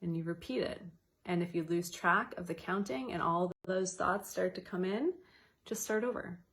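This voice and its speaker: A woman educator giving a casual wellness talk, chatty with light laughs, guiding slow counted breathing. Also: lowish voice, a bit bright.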